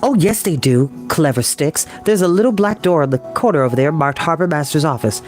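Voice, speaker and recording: A man voicing a cheeky, know-it-all little boy in a read-aloud storybook, calm and matter-of-fact. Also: on the high side, a little fast, faint music behind, close to an everyday voice.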